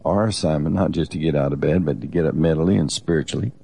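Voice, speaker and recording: Deep, mellow-voiced man exhorting earnestly. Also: fast, creaky, a little hiss or hum. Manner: earnest, exhorting, with repeated restarts. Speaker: co-host of a Christian teaching program. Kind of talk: conversational Bible teaching.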